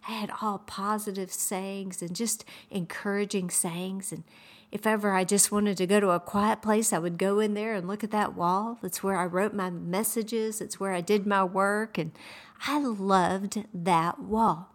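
A woman's voice: medium pitch, fairly even intonation, a little slow. Upbeat lady podcast host, encouraging devotional talk, drops to a whisper sometimes, midrange voice. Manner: warm, upbeat, encouraging, with soft whispered asides.

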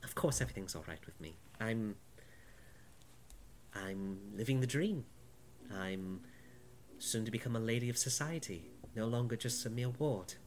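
A man voicing Isabel, a guarded young woman and ward about to enter society, in a high, clipped, poised voice. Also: expressive, normal speed, long pauses, darkish tone, a little hiss or hum, close to an everyday voice. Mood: wry. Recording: background music.

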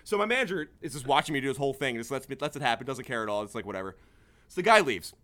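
A man's voice: medium pitch, racing. A man who works as a bartender, telling stories in a casual podcast chat, swearing freely and acting out the people he quotes. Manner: animated storyteller, acts out quotes, swears freely. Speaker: bartender guest.

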